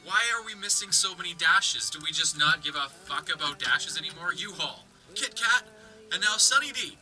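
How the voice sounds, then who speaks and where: A man's voice: fairly high pitch, animated, normal speed, bright, forceful tone, low-quality recording. A man from Canada ranting in an exasperated, sweary, incredulous way on a comedic vlog. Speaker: vlogger.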